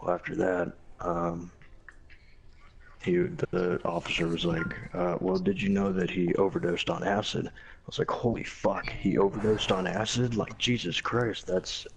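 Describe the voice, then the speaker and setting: A man's voice: low voice, steady tone, moderate pace, gravelly, slight background noise, poor audio. A young man, a former Marine, casually telling a profane, blunt story and quoting people along the way.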